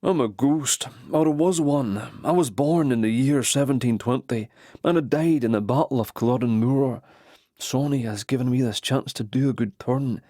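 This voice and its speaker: A man voicing a passionate Highland warrior in an audiobook, speaking in an earnest, pleading Scottish brogue. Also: moderate pace, dark tone, no echo, studio quality, lightly acted. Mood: urgent. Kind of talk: audiobook character voice.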